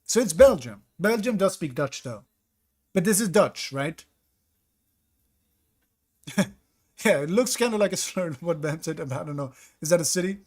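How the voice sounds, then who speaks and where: A man's voice: fairly high pitch, lively intonation, normal speed, long pauses, darkish tone. Man thinking aloud while streaming a game. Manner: thinks aloud, second-guessing himself. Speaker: streamer playing a geography game. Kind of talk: live-stream commentary reading chat.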